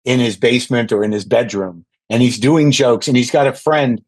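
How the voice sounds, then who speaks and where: Husky-voiced man rambling as guest. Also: medium pitch, fairly even intonation, moderate pace, a little mellow, no echo, low-quality recording. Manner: rambling, self-deprecating, frequent restarts. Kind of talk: casual podcast chat.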